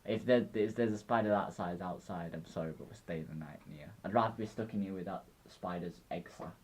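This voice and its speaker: A man's voice: low-pitched, fairly quick, a little mellow, slight background noise. A young man co-hosting a podcast, chatting casually and joking between impressions. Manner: jokey, giggly, tries impressions. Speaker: podcast co-host. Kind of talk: casual chat.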